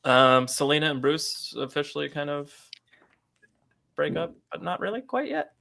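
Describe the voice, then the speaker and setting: Male podcast co-host, bright forceful tone, animated and quick to laugh. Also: fairly high pitch, vocal fry. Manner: animated, laughing, acts out characters' lines. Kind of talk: casual comic book discussion.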